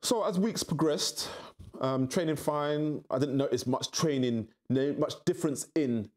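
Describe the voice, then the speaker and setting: A middle-aged man telling his story candidly in an interview, acting out quoted voices with big jumps in pitch. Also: unhurried, a little mellow. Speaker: interview guest.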